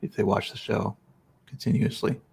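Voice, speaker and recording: A man's voice: moderate pace, a little mellow. A man joining a casual online chat as a guest, speaking hesitantly with frequent restarts. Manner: hesitant, stammering.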